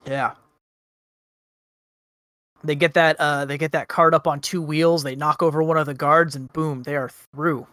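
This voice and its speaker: Man, game master, tabletop narration, relaxed, filler-heavy, dry sound. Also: on the high side, unhurried, long pauses, no echo. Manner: relaxed, frequent ums, laughs easily.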